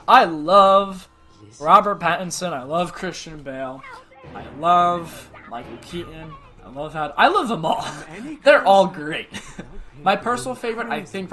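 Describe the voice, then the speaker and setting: A man's voice: on the high side, sharp tone. A man streaming a game in casual commentary, rambling, chatting with viewers and cheering on his character. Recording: game music playing behind. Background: game music.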